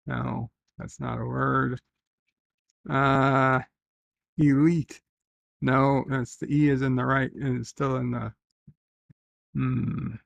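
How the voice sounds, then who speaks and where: Gravelly, slow-talking male streamer. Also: mid-range voice, little pitch movement. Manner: rambling, reads chat aloud, thinks out loud. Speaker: live stream host. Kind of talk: casual livestream chat reading viewer comments.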